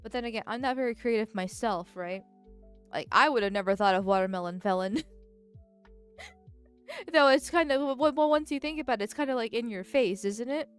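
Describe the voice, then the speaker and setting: Woman streamer, stuffy nose, blunt and direct, smooth voice, a touch high. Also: a little fast, soft background music. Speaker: live streamer. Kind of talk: casual live-stream chat.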